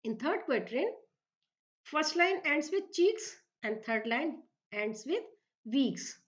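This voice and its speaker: A woman with an Indian English accent giving a slow, repetitive English literature lecture as a professor, often asking if the class is clear. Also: sits high, animated. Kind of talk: recorded lecture. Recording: dull lo-fi recording.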